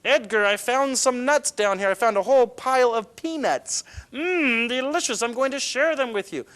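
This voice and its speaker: A man voicing a cheerful young female elephant in a children's drawing lesson, in a high chirpy voice. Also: normal speed, fairly bright tone. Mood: delighted.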